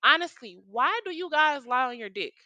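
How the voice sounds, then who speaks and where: A woman's voice: high voice, expressive, moderate pace, pushed and bright, no echo, lo-fi sound. A woman in her twenties tells a story to her viewers, heated and profane, talking straight at them. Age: 20s. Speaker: vlogger telling a story. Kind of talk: casual storytime rant.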